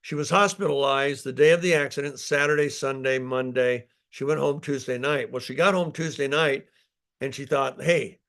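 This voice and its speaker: A man's voice: mid-range voice, fairly even intonation, normal speed, fairly bright tone. An older man, a company founder, giving a live product talk in an emphatic storytelling way, with many fillers and restarts.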